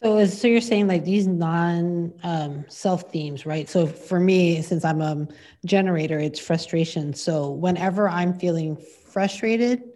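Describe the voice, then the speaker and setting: A woman with a lowish, warm, mellow voice hosting a podcast interview. She works through her questions aloud, stopping and restarting as she goes, and keeps an easy conversational tone. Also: measured pace. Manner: thinks aloud, restarting questions mid-sentence.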